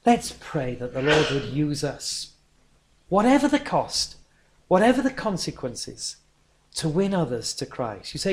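A man's voice: fairly high pitch, sing-song, measured pace, slight background noise. A man preaching a sermon in a conversational storytelling manner.

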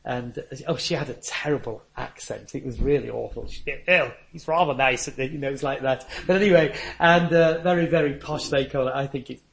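A man's voice: mid-range voice, fairly even intonation, brisk, creaky, hardly any pauses. An older man, preaching a sermon with earnest, anecdotal storytelling.

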